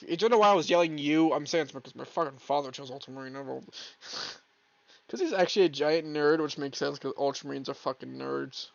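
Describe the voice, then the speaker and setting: A young man hosts a solo stream from his room, cursing freely as he rambles. His voice sits high, and the recording is dull and lo-fi. The sound is dry, with no room echo. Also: brisk, vocal fry. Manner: profane, rambling, bursts into exasperated yelling. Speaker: podcast host. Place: home room, alone. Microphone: streaming mic, leaning back from it.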